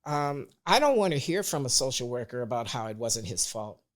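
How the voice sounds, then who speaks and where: A man talking as a podcast guest, measured and deliberate, pressing hard on key words. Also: medium pitch, very animated, noisy background. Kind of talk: conversational opinion talk.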